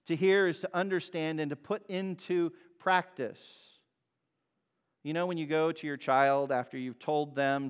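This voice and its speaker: A man preaching a sermon as pastor, emphatic and swinging from loud cries to quiet words. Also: medium pitch, smooth. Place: church hall. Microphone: mic over speakers. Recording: long reverb of a hall.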